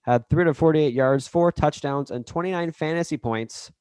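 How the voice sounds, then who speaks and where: A man's voice: on the high side, normal speed, a little mellow, clean tone, no room sound. A man co-hosting a podcast in casual sports chat, playful and slangy, rattling off game stats. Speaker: podcast co-host.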